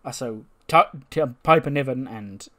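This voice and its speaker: A man's voice: medium pitch, normal speed, fairly bright tone. A man casually narrating a wrestling management game, rambling with plenty of fillers. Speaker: game commentator.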